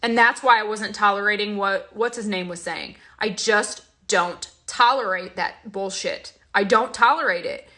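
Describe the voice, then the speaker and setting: A woman's voice: medium pitch, moderate pace, hardly any pauses, sharp tone. A young woman hosting a casual vlog, talking in an emotional, confiding way with many fillers and restarts. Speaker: host.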